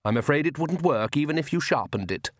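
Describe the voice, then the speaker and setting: A man voicing a suave vampire count with a smooth, condescending manner. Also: on the high side, expressive, brisk, dry recording, clean studio sound, voice pushed up.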